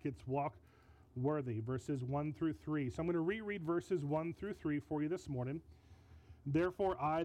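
A male pastor delivering a sermon with a slightly high but warm, mellow voice. He teaches earnestly and stresses his points, often doubling back on a word. He speaks into a microphone in a church. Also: rough recording. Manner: earnest, emphatic teaching with repeated words. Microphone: handheld or stand mic.

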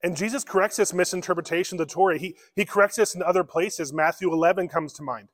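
A man's voice: high-pitched, fast talker. Preaching man in a reverberant church. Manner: earnest, conversational preaching with restarts. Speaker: pastor. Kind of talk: sermon. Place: church sanctuary. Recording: long hall reverb.

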